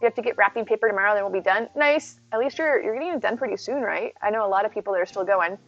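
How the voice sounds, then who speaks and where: A woman's voice: medium pitch, racing, highs cut off, faint music behind. A woman streaming from home, chatting casually, greeting viewers by name and talking to her cat. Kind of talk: casual live-stream chat. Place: at home near her bed.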